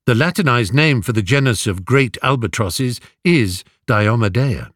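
An audiobook narrator, a man with a mid-range voice, reads a scripted story aloud in a measured, expressive way. The studio sound is clean with no echo.

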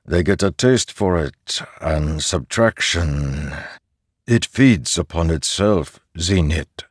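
A man voicing a calm farmer who oversees soldiers in an audiobook; the voice is kindly and soft, and he speaks slowly and reassuringly. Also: deep voice, no room sound, clean studio sound, exaggerated voice. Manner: slow, measured and reassuring. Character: calm middle-aged male farmer overseer, kindly but firm.

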